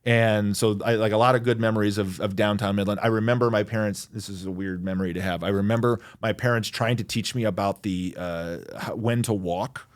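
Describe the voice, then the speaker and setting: Chatty forties lawyer guest, slightly low voice, rambling and self-mocking. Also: male voice, steady tone, a little fast, few pauses. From Michigan, USA. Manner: chatty, self-deprecating, lots of fillers. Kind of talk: casual interview chat.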